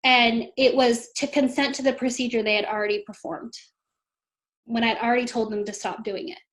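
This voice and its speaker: Earnest high-voiced mother telling her story. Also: steady tone, brisk. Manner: emotional, earnest, quoting others in a lifted voice. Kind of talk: interview storytelling.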